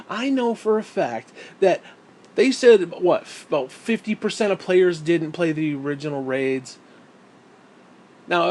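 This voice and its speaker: Angry gamer guy with a higher-pitched voice, profane ranting monologue, recorded at home. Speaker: gaming YouTuber. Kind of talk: angry gaming rant.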